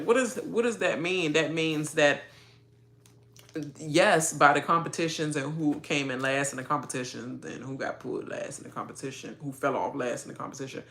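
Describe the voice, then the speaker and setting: A woman giving a casual reaction rant about a reality show, sassy and animated, often laughing at her own jokes. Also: deep voice.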